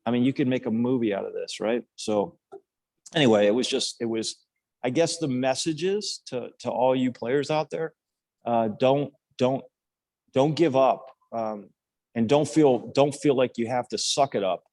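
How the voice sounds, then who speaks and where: A man's voice: mid-range voice, unhurried, darkish tone, dry recording. An older man, a former national team player, telling his story casually on a podcast, earnest and rambling with many restarts and fillers.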